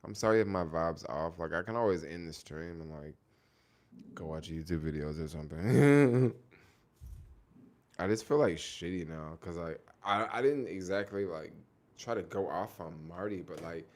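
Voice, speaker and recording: A man's voice: low-pitched, lively intonation, moderate pace, a little mellow. A young man chatting casually on a live stream, rambling with lots of fillers and answering viewer comments.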